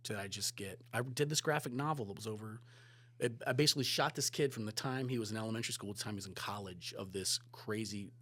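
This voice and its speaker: A man telling a story as a podcast guest, lively, swearing, moving from loud bursts to hushed asides. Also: lowish voice, fast talker, husky. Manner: animated, swearing, swings between loud and hushed. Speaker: guest photographer and director. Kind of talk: casual storytelling.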